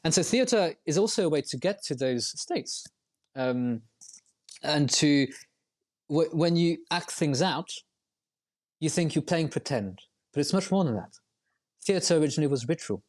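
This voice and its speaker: A man's voice: fairly high pitch, animated, moderate pace, long pauses, darkish tone. A man as a podcast guest, explaining at length in a reflective, winding way with frequent restarts. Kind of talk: podcast interview.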